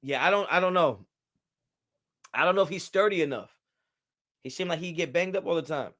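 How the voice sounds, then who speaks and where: A man's voice: mid-range voice, sharp tone. A man hosting a casual live stream, reacting to viewer comments in loose, slangy talk. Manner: loose and slangy, talks back to chat. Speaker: livestream host.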